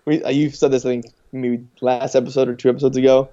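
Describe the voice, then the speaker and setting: A man's voice: mid-range voice, level tone, quick pace, dark tone, dull audio. A man co-hosting a podcast in casual chat, joking and laughing often as he talks. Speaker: podcast co-host.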